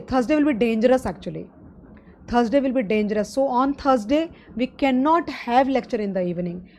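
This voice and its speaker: A high-pitched woman with an Indian English accent teaching exam finance in a live online class. She explains each step plainly and keeps checking in with her students as "guys." Her voice sits well above most women's. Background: loud drums of a street festival.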